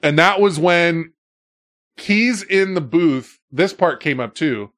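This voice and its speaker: A man telling a story in casual podcast chat, swearing freely and shouting when he acts out the scenes. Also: a little high, takes it slowly, no room sound, clean studio sound. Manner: profane, animated storyteller who shouts when acting out scenes.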